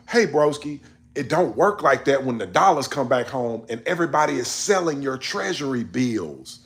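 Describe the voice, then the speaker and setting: A man in a casual monologue on world events, emphatic and preachy, scolding his listeners in slangy speech. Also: medium pitch. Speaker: commentator.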